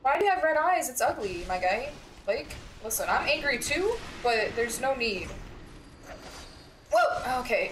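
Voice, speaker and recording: A young woman streaming a horror game, reacting loudly with lots of swearing and jumpy outbursts. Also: sits high, sing-song, unhurried, a little hiss or hum. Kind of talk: live game commentary.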